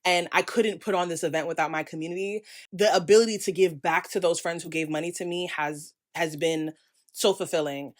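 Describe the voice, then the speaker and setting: Young american woman ranting on her vlog, kinda low voice, super passionate. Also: fairly even intonation, fairly quick. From United States. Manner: passionate, rants with emphatic "right?" asides. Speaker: creator and vlogger. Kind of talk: candid talking-head vlog.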